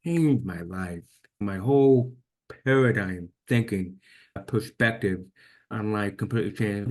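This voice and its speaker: A man's voice: lowish voice, unhurried. A man with a deaf accent, telling his own story as an interview guest in an earnest, reflective way. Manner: earnest, reflective, repeats words when restarting.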